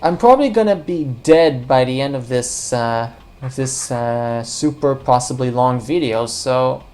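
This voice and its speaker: Over soft background music, a woman with an extremely low, warm voice provides let's play commentary on a puzzle game at a measured pace. She rambles and jokes casually, talking to her viewers and to the game's characters.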